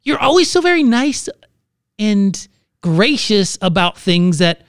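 A man's voice: sits high, big pitch swings, takes it slowly, fairly bright tone, dry recording, studio quality. A man co-hosting a podcast in casual chat, playful and teasing, drifting off on tangents. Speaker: podcast co-host.

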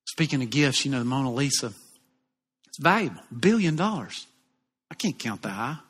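A man from Alabama with a Southern accent, preaching a sermon in a folksy, animated, jokey way. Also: medium pitch, normal speed, slightly rough. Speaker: pastor. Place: church auditorium. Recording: long reverb of a large church hall.

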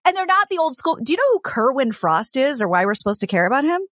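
A woman co-hosting a casual podcast, telling stories and playing out each side of a conversation. Her voice sits fairly high and swings widely. The sound is dry and close. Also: fast talker, no echo. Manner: animated storytelling, acting out both sides of exchanges. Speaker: podcast co-host. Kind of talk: casual chat.

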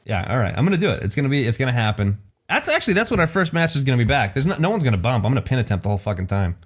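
A man's voice: medium pitch, rapid-fire, slightly rough. A man co-hosting a casual chat, laughing often and swearing freely as he jokes with friends. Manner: animated, laughing, profane banter.

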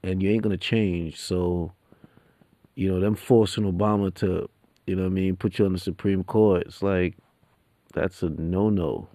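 Male solo podcaster, dark gravelly voice, slangy and profane. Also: low-pitched, steady tone, moderate pace. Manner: slangy, profane, laughs between lines. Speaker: podcast host. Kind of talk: casual solo podcast talk.

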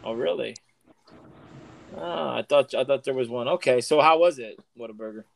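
A man's voice: mid-range voice, moderate pace, creaky. A man co-hosting a podcast, asking questions and teasing in casual chat. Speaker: podcast co-host.

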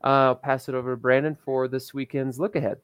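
A man's voice: mid-range voice, little pitch movement, quick pace, no echo. A man co-hosting a local racing show, recapping results in loose, chatty talk and laughing often. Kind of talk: casual chat.

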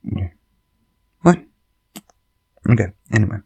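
A man with a low, gravelly voice hosts a casual story-reading show into a microphone. He wanders off track, swears often and breaks off mid-sentence to restart. The delivery is loose, unpolished comic chat. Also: fairly even intonation, measured pace, darkish tone. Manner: rambling, profane, self-interrupting. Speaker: comedian and podcast host. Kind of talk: casual chat and reading online stories aloud.

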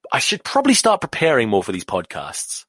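His medium-pitched voice swoops wildly, runs a little fast, and sounds husky and somewhat bright on a dry recording. He's a middle-aged Englishman whose accent leans American, hosting a solo podcast while nauseous, rambling with lots of swearing and self-mockery.

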